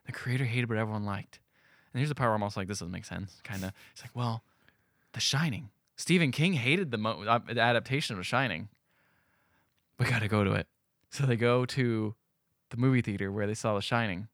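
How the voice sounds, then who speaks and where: A young man co-hosting a podcast, retelling a movie plot in a casual, animated way, acting out the characters' lines and swearing freely. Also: medium pitch, fairly quick, long pauses, dry recording, studio quality. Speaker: podcast co-host.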